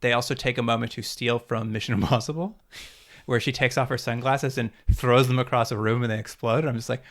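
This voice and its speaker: A man's voice: mid-range voice, fairly even intonation, fairly quick. A man co-hosting a podcast, chatting casually as he retells a TV episode and laughing often. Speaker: podcast co-host. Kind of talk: casual chat recapping a TV episode.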